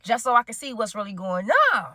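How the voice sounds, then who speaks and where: A woman's voice: medium pitch, fast, no room sound, clean studio sound. A woman telling a casual story time to her chat, acting out the quoted dialogue. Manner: animated, acts out quoted dialogue.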